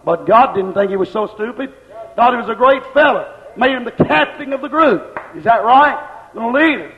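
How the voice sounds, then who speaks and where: A man preaches a fiery sermon in a very high voice. His words ring out with a long echo. The recording is dull and lo-fi. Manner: impassioned preaching, slowing and shouting at climaxes. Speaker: pastor. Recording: reverberant church, dull lo-fi sound.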